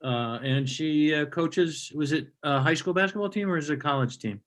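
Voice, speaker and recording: A man's voice: fairly high pitch, normal speed, fairly bright tone. A man hosting an online comedy show, introducing acts with joking, casual banter over a video call. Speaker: show host.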